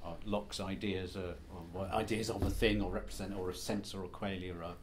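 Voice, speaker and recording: A man's voice: deep voice, little pitch movement, brisk, slight background noise. A man giving a conference presentation as an academic, lecturing in a wry, self-deprecating, conversational way. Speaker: academic speaker.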